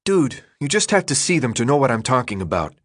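A man's voice: mid-range voice, big pitch swings, fast, no room sound, clean studio sound. A man doing a harsh, snapping teenage boy. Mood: gruff, scornful. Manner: harsh, snapping, swings into despair. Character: tough, panicky teenage boy maze runner. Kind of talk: audiobook character voice.

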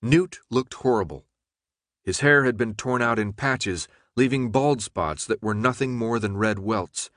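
A man reads an audiobook chapter in a steady, measured way. His voice sits in a middle register. The sound is dry and close, with no room around it. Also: mid-range voice, no room sound. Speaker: audiobook narrator. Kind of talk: scripted narration.

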